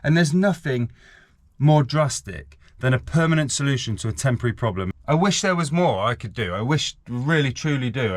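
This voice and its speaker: A man's voice: mid-range voice, no room sound. A man talking casually and earnestly to camera as a vlogger, often repeating himself for emphasis. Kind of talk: casual vlog chat.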